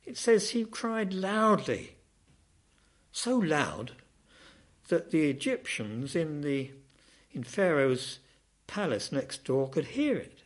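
A man's voice: fairly high pitch, very animated, slow pace, pauses often. A man preaching a sermon, telling a Bible story with dramatic, rising and falling emphasis.

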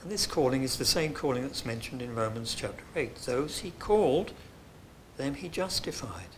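A man preaching a sermon in an earnest way, dropping to soft, hushed phrases and then rising to loud, emphatic lines. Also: medium pitch, animated, moderate pace, slight background noise.

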